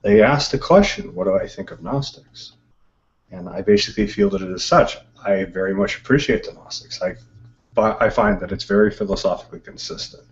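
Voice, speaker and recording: Low-voiced man hosting a lo-fi video chat. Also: lively intonation, fairly quick. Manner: articulate, explains at length. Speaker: host of an online discussion group. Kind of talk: casual group video chat. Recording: dull lo-fi web call audio.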